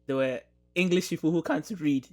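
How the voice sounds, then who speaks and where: A man's voice: fairly high pitch, moderate pace, soft background music. A man hosting a podcast in casual conversation, supportive and agreeable, often backing his guest with short affirmations. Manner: supportive, lots of mm-hmms and agreement. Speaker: podcast host.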